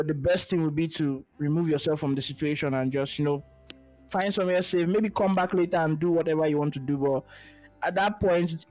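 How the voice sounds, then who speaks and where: Heard over a call with poor audio quality, a man with a slightly high, mellow voice hosts a podcast. He chats casually and shares his opinions in a laid-back, opinionated way, restarting his sentences often.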